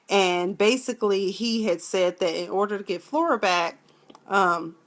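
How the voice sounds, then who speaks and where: A woman giving a sassy, animated casual review of a TV episode, full of slang. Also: on the low side. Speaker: TV recap vlogger.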